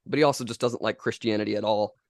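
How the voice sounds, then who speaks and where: Fast-talking low-voiced American man. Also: steady tone, gravelly, no room sound, clean studio sound. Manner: brisk reader, frequent "um" and "you know". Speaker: podcast co-host. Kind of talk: casual discussion, reading quotes from a book.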